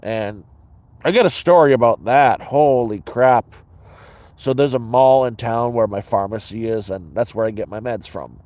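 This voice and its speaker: A man's voice: medium pitch, normal speed, darkish tone, no room sound. A man vlogging from inside his sleeping bag, telling a story in a blunt, profane, rambling way with many restarts. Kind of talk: casual rambling storytelling to camera.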